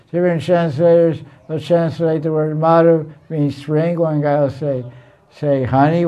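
A man's voice: on the high side, dark tone. Blunt, teasing male teacher, lo-fi recording. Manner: blunt, teasing, repeats himself. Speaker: Sanskrit teacher. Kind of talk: informal classroom lecture.

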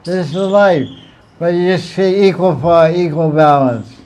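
A man with a fairly high voice gives a relaxed spiritual talk. He tells stories playfully and chuckles often as he goes. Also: unhurried. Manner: chuckling storyteller, playful asides. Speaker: spiritual teacher. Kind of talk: informal religious talk.

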